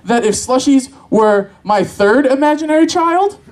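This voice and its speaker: A man's voice: extremely high pitch, expressive, unhurried, rough recording. Guy doing open-mic stand-up, crude and rambly, laughing at himself onstage. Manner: crude, rambling, self-mocking. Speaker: stand-up comic. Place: convention stage with live audience.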